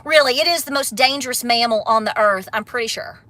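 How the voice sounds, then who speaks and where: A woman's voice: fairly high pitch, brisk, sharp tone, no echo. A middle-aged woman, ranting bluntly on a casual livestream, then laughing and affectionate with her viewers. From Appalachia. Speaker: homestead vlogger.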